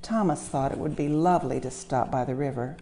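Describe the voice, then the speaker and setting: A woman reading a children's story aloud as a museum storyteller, gentle and expressive. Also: low voice, fairly quick. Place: railway museum.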